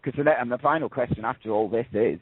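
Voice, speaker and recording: A man's voice: medium pitch, fast talker, slightly rough, no room sound. A male radio co-host talking casually and emphatically, stumbling over restarts, heard over a tinny phone line. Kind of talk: casual talk-radio chat.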